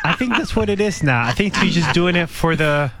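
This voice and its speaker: A man's voice: a little high, lively intonation, brisk, noisy background. A man co-hosting a talk show, chatting casually and laughing easily. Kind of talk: casual chat.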